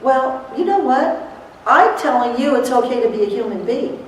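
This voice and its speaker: A middle-aged woman giving a lively motivational seminar to court reporters, telling stories and acting out what people said, laughing often. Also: high voice, moderate pace, a little hiss or hum. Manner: animated storyteller, laughs often, acts out quotes. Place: seminar hall. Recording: echoey hall, recorded from far off.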